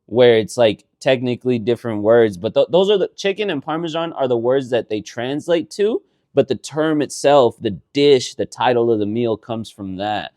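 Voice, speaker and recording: A male podcast co-host talks in a loose, rambling chat and swears freely as he explains himself. His voice sits at an ordinary pitch. The sound is close and dry, with no room echo. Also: moderate pace, few pauses. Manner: rambling, animated, swears often. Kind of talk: casual chat.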